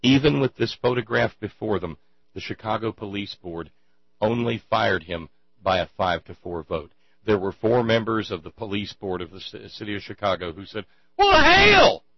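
A man giving an indignant, sarcastic monologue, halting often with fillers as he builds his points. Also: on the low side, dry recording. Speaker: commentator. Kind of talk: ranting monologue. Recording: dry, dull lo-fi with mains hum.

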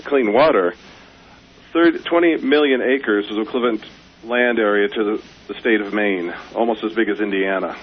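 A man calling in to a radio show who speaks quietly and rushes through his points. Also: lowish voice. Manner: quiet, rapid-fire points. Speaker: caller. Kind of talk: phone-in call. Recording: muffled phone-in line with faint hiss.

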